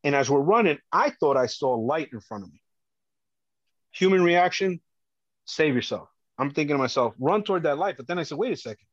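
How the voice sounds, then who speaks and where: A middle-aged man, telling a personal story as a podcast guest, earnest and animated, often acting out what others said. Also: fairly high pitch, brisk, no echo, highs cut off.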